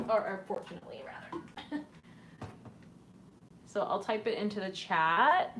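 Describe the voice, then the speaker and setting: A woman's voice: mid-range voice, slight background noise. A woman hosting a casual livestream from her apartment, chatting with viewers and reading their comments aloud with lots of ums. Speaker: livestream host.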